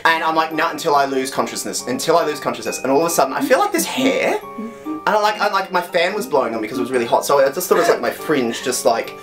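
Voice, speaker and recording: A young man telling a spider story in casual chat, animated and swearing freely. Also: fairly high pitch, fast, music in the background. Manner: swears a lot, animated, breaks into shrieks when acting out scenes. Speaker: vlogger.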